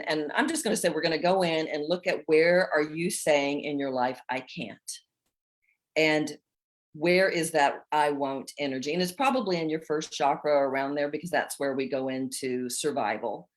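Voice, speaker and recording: A woman in her sixties with a low-pitched voice leads a spiritual coaching chat for a women's group. She speaks expressively and dramatizes inner voices. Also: moderate pace. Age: 60s.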